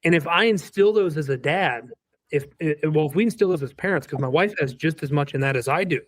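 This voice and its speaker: A man's voice: on the high side, expressive, fast talker, no echo. Male guest, 30s, earnest storyteller, restarts often, dry sound. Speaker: guest, roofing business owner. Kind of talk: casual podcast chat.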